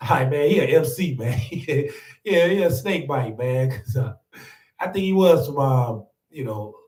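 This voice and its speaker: A man's voice: mid-range voice, lively intonation, measured pace, darkish tone. A man hosting a podcast, telling stories in a laid-back, casual way, often saying "man" and laughing. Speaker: podcast host. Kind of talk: casual storytelling. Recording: roomy echo, distant from mic.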